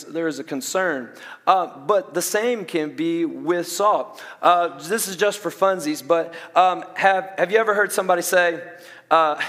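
High-voiced Southern pastor preaching. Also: male voice. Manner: animated, with self-interrupting restarts and asides. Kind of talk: sermon. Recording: long reverb of a large hall.

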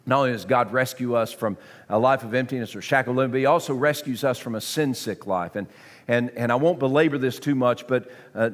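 A man preaching a sermon to a congregation, swinging from hushed tones to near-shouting. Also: mid-range voice, big-room sound. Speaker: pastor.

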